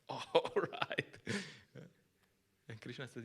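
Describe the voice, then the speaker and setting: A man's voice: lowish voice, expressive, slow, gravelly, bright, forceful tone, husky. A man with Slovenian as his first language giving a conversational scripture class in English, often laughing and acting out little quotes. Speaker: lecturer at a temple.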